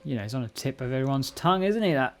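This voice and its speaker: Gravelly man thinking aloud while coding. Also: medium pitch, lively intonation, rapid-fire, noisy background. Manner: thinks aloud, corrects himself mid-sentence. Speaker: live-stream host learning a programming language. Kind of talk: casual live coding walkthrough. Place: home room at a computer. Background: keyboard typing and clicks.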